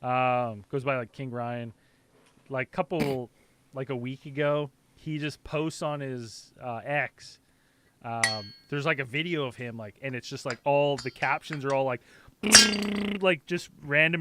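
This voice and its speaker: A man's voice: mid-range voice, moderate pace, noisy background. A man hosting a live podcast, chatting casually and rambling with many fillers and laughs. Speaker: podcast host. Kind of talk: casual live-stream chat.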